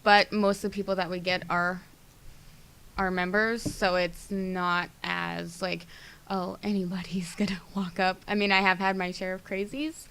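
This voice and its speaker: Bright, clear-voiced young woman chatting. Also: lowish voice, measured pace, rough recording. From New Jersey. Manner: animated, laughs often. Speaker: podcast guest. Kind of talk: casual chat.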